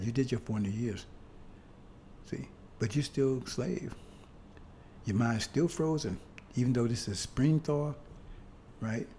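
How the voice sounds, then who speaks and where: A man delivering a sermon in a loose, conversational way, his voice mellow and warm. He keeps checking in with his listeners and restarts his phrases before pressing a point. A faint ambient hum sits behind him. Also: medium pitch. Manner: conversational, repeats "see?" to the congregation; halting restarts, bursts of emphasis. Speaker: preacher.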